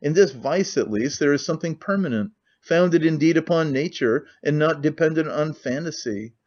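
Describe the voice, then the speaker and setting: A man's voice: fairly high pitch, lively intonation, normal speed, darkish tone. A man voicing a cynical, talkative middle-aged nobleman who rambles with languid candor, on a muffled lo-fi recording.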